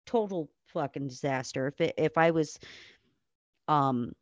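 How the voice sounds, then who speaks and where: Her voice is low and unhurried as this nurse, a woman podcast guest, swears her way through blunt, casual stories and acts out whoever she's quoting. The recording has no echo and sounds muffled.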